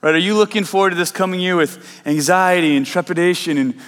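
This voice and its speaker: Earnest pastor preaching in a hall. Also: male voice, high voice, fast, fairly bright tone. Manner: earnest, emphatic, repeats questions and asks "right?". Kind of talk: sermon.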